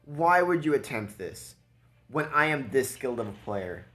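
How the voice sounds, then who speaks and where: A man's voice: mid-range voice, very animated, normal speed, fairly bright tone. A man giving casual, blunt commentary over a gameplay replay, mocking and laughing at his opponent. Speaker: gaming video creator.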